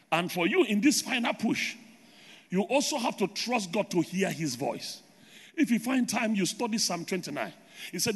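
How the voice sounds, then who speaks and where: High-pitched shouting male preacher. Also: very animated, normal speed, long reverb tail, slight background noise. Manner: shouting, rhythmic repetition, declarations. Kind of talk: sermon.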